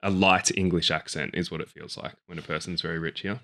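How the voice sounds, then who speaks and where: A man guest comedian, making dry deadpan quips in casual chat. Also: deep voice, fast.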